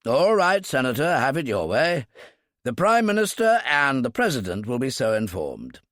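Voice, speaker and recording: A man's voice: mid-range voice, wildly swooping pitch, normal speed, fairly bright tone, no echo, clean studio sound, pitched above the performer's own voice. A man reading an audiobook, voicing an elderly British brigadier with a clipped, wry, authoritative manner. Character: gruff elderly British brigadier, dry and commanding.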